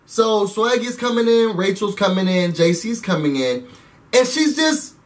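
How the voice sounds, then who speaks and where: A man hosting a casual reality show recap, animated and slangy, laughing often. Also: sits high, measured pace, recorded from a distance.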